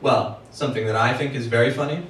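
A man reading aloud, voicing a dry, deadpan young debutante in his own everyday voice. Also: mid-range voice, quick pace, distant mic, slight background noise, close to an everyday voice. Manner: dry, flat delivery. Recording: echoey room, heard from afar.

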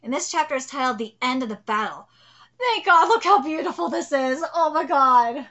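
A woman streaming a casual live reaction to a manga chapter, profane, excitable and blunt. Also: high-pitched, fairly quick, muffled recording.

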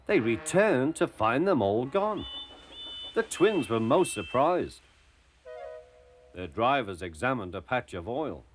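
Man, children's story narrator, expressive, lively pitch, faint music. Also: slow pace, pauses often.

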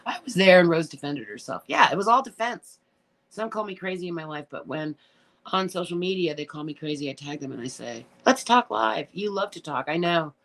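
Her voice is deep, expressive and a bit bright, moving fairly quickly. She's a middle-aged livestream host who reads viewer comments and replies in a blunt, emotional, profanity-heavy way, occasionally tearing up during the casual chat.

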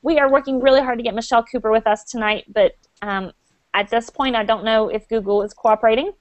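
Woman host of a webcast, higher voice, chatty, quick to laugh. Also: fairly even intonation, no room sound, highs cut off. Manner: upbeat, chatty, laughs often. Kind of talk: casual live webcast chat.

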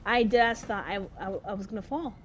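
A woman's voice: mid-range voice, brisk, slight background noise. A woman giving casual gameplay commentary, exasperated and swearing, with slangy talk. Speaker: gaming streamer.

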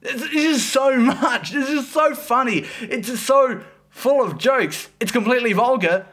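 A young man with a high voice that leaps all over the place hosts a casual review video. He rambles, swears freely and keeps dissolving into giggles. His tone is bright. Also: animated, a little slow. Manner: giggly, keeps breaking into laughter. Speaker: fanfic review host.

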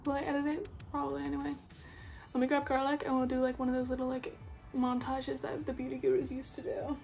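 A woman's voice: sits high, monotone, fast, creaky, darkish tone, soft background music. A young woman with a sick, stuffy voice, chatting casually while doing her makeup. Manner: chatty, self-deprecating, rambling. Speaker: beauty vlogger. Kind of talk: casual makeup tutorial chat.

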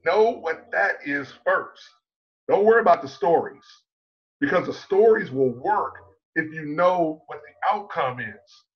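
A man coaching on public speaking in an online conference talk, emphatic and full of rhetorical questions, slowing down to stress key points. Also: a little high, lively intonation, lo-fi sound.

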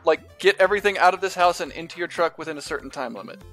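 A man's voice: fairly high pitch, fast talker, fairly bright tone, faint music behind. A man co-hosting a casual podcast, teasing his co-host and recommending a video game.

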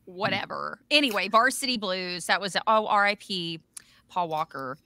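A woman from Texas with a Texan accent, hosting a casual sports chat show and joking quickly. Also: mid-range voice, no echo. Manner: animated, quick to joke. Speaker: radio show host.

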